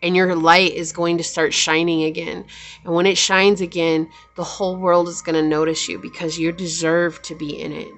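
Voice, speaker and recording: A woman giving a pick-a-card tarot reading in a gentle, affirming and emotional way. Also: lowish voice, little pitch movement, normal speed, soft background music. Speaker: tarot reader.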